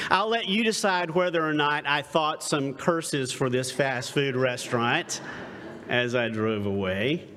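A middle-aged man preaching a sermon, telling a story with dramatic pauses and rhetorical questions. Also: fairly high pitch, fairly bright tone, in a large hall. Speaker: pastor.

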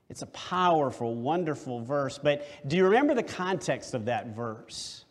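A man preaching a sermon, deliberate and emphatic, with rhetorical questions. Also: mid-range voice, animated. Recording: long hall reverb.

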